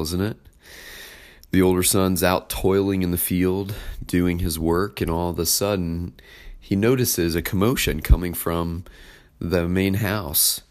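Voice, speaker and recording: Deep-voiced preacher telling a story. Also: male voice. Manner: conversational storytelling with fillers. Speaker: pastor. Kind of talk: sermon.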